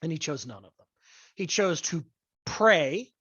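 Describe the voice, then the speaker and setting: A podcast host in a profane sports rant, angry, crude and blunt, stressing key words with deliberate emphasis. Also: mid-range voice, expressive, a bit bright, breathy edge, dry recording. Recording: dull lo-fi dry recording.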